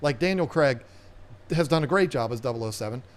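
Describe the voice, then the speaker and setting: A man's voice: medium pitch, expressive, a little fast. A man hosting an aquarium live stream, chatting in a casual, rambling, playful way with viewers. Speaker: aquarium channel host.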